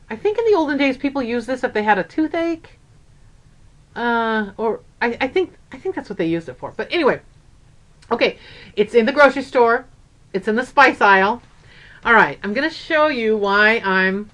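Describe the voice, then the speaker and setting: A woman's voice: a little high, sing-song, normal speed, pauses often, fairly bright tone. An older woman and grandmother chatting casually in a craft vlog, upbeat and rambling. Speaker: craft vlogger.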